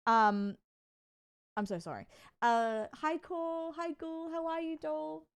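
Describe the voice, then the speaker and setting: A woman's voice: high voice, slow pace. A woman streamer chatting casually with her viewers and reacting to videos with frequent laughter and amused exclamations. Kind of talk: casual live-stream chat, reacting to clips.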